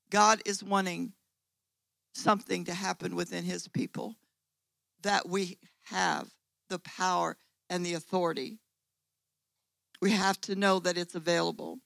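High, bright-voiced fervent male preacher. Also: flat delivery, a little slow, gravelly, long pauses, no echo, rough recording. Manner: fervent, rises and falls between loud exhortation and quiet lows. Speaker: pastor. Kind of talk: sermon.

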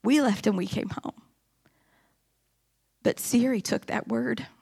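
A woman's voice: on the high side, slow, creaky, a little mellow, husky. A woman giving an impassioned sermon testimony in a church, rising into emphatic preaching. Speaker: church speaker. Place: church sanctuary.

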